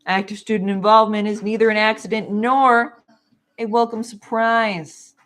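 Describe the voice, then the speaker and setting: A woman reading a textbook aloud while she studies, dramatic and playful, with quick joking asides. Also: medium pitch, fairly even intonation, a bit bright. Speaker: vlogger.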